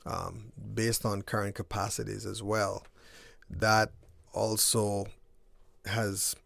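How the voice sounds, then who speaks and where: Low gravelly man, halting radio guest. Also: level tone, fairly bright tone, no echo. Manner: hesitant, repeats words at starts. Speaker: tournament organizer.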